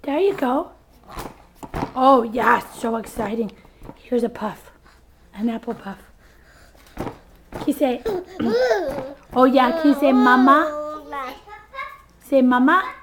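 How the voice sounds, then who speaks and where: A woman's voice: sits high, takes it slowly, long pauses. A young mother with a scratchy, sick voice, filming at home and coaxing her baby in sing-song baby talk. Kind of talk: home video chat with a baby. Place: home, at a baby's high chair. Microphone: camcorder microphone.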